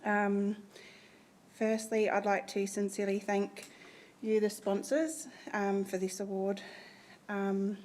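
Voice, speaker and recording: A woman's voice: mid-range voice, fairly even intonation, a little mellow, a little hiss or hum. Breathless woman giving an award speech. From Australia. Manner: halting, with many ums. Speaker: award recipient. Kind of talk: emotional acceptance speech.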